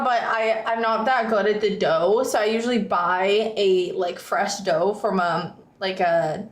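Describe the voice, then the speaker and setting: A woman's voice: mid-range voice, fairly even intonation, measured pace, few pauses. Chatty woman streamer, echoey room. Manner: chatty, rambling, reads chat aloud. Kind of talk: casual chat with viewers.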